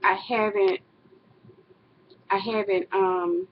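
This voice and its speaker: Middle-aged woman, husky voice, casual rambling vlog monologue, dull webcam audio. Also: mid-range voice, fairly even intonation, takes it slowly. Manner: rambling, self-correcting, laughs often. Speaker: vlogger.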